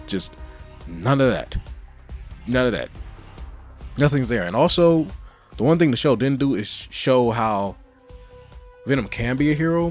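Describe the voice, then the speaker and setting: A man's voice: medium pitch, dry recording. Swearing man giving a casual review. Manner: animated, heavy swearing, frequent laughs. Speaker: show reviewer.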